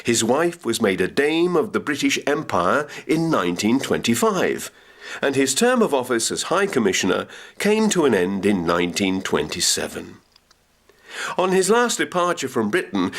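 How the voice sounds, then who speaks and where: A man's voice: mid-range voice, sing-song, normal speed, fairly bright tone. A man narrating a local history documentary, reading quotations with dramatic emphasis.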